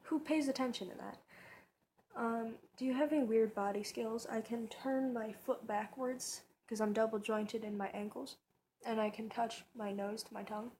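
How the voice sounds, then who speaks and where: A woman's voice: fairly high pitch, fairly even intonation, normal speed, a little mellow, slight background noise. Rambling chatty young woman vlogger. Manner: rambling, chatty, many fillers and restarts. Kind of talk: casual tag video chat. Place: bedroom, on her bed.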